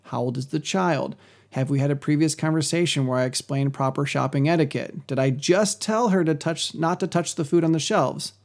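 A man hosting a podcast, giving a measured, scripted teaching on Christian parenting. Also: on the high side. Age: adult parent.

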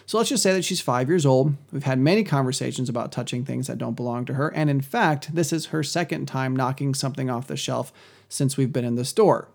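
A man hosting a podcast, giving a measured, scripted teaching on Christian parenting. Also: mid-range voice, vocal fry, a little mellow. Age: adult parent.

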